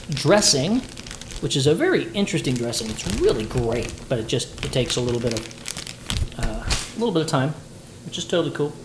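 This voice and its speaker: A playful, chatty man talks to his stream viewers while he cooks at home. His voice bounces around a roomy kitchen, and a sizzling pan is clearly heard behind him. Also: mid-range voice, noisy background. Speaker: livestreamer cooking dinner. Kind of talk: casual livestream chat while cooking.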